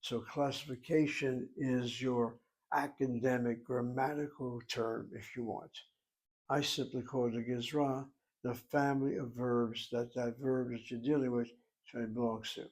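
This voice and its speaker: A man's voice: medium pitch, fairly even intonation, a little slow, a little mellow, poor audio. A man teaching a Hebrew lesson, explaining words step by step and spelling some out letter by letter.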